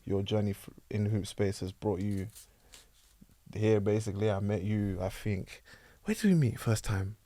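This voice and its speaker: A man from the UK hosting a podcast, asking loose rambling questions and backing his guest with steady yeahs. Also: lowish voice, moderate pace, dry recording. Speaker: podcast host. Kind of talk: casual podcast interview. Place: podcast studio.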